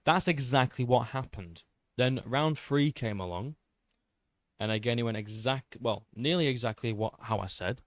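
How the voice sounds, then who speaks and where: A young man recapping a fight in an excitable, boastful way, swearing and tripping over his words. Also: mid-range voice, moderate pace, no room sound, clean studio sound. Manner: boastful, excitable, swears a lot, stumbles and repeats. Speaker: MMA YouTuber.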